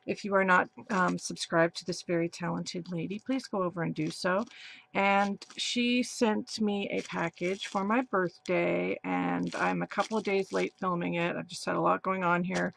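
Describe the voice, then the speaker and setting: A woman hosting a crafting channel, gushing and gasping with excitement as she opens a birthday package in a casual unboxing vlog. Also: mid-range voice, moderate pace. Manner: gushing, excited, breathy gasps.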